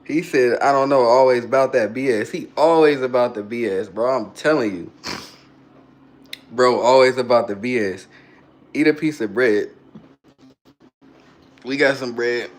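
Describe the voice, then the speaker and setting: Queasy man burping through a livestream. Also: medium pitch. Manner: loose, joking, reads chat aloud. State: burping, queasy after hot sauce. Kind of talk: casual livestream chat.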